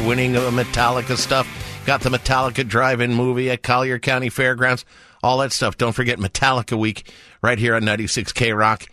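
A man co-hosting a radio show, giving upbeat station announcements and traffic in a chatty manner. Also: mid-range voice.

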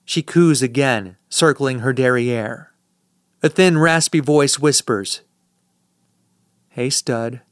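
A man reads a first-person audiobook with a dry, sardonic edge, his mid-range voice smooth and resonant. The recording is close and dead dry, with no room sound at all. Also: medium pitch, slow pace, no echo. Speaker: audiobook narrator.

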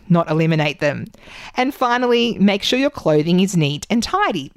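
Animated woman coaching in a dry studio. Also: mid-range voice, dry recording. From Australia. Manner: animated, gestures a lot while talking. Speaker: podcast host and public speaking coach. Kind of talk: solo podcast teaching. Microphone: studio microphone.

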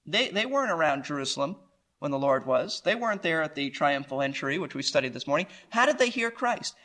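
Bright-voiced man preaching a sermon. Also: fairly high pitch, very animated, brisk. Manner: emphatic, rising and falling preaching delivery. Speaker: pastor. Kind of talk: verse-by-verse sermon.

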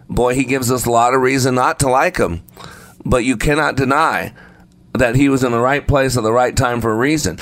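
A man's voice: mid-range voice, a bit bright, no echo. A man preaching a sermon, speaking emphatically and repeating phrases for effect. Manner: acts out the story voices while telling it.

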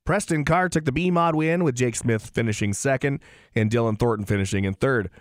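A relaxed man co-hosting a racing show who reads out race results in a halting way, full of fillers and restarts. His voice sits in a middle pitch and is recorded on a dry, close studio mic. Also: dry recording. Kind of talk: casual sports radio chat.

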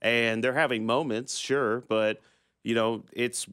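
A man's voice: medium pitch, steady tone, a little slow, a bit bright, clean tone, no echo, studio quality. A man co-hosting a sports talk show, chatting easily, agreeing and then adding his own analysis. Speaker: sports radio co-host.

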